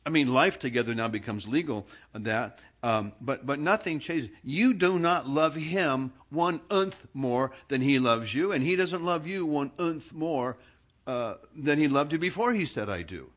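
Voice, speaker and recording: Male pastor, bright voice, conversational preacher who pokes fun at himself. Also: a little high, lively intonation, a little slow. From Southern California. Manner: conversational storyteller, self-mocking humor. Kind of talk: sermon with humorous personal anecdotes.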